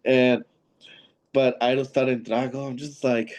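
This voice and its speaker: Flat and a little slow, this man's medium-pitched voice carries a darkish tone. A professional wrestler from Seattle, he's a guest in a casual interview, telling meandering stories, acting out quoted lines and using many fillers.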